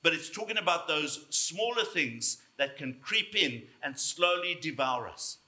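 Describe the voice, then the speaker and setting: A man preaching a sermon, emphatic, slowing down to stress key words. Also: a little high, expressive, sharp tone. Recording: echoey room.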